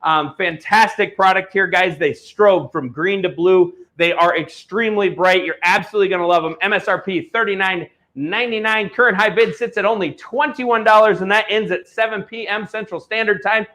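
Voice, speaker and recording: A man with a high, bright and forceful voice, hosting a live auction stream. He talks bluntly and heatedly, pushing products like a salesman. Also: normal speed, hardly any pauses. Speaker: online auction host.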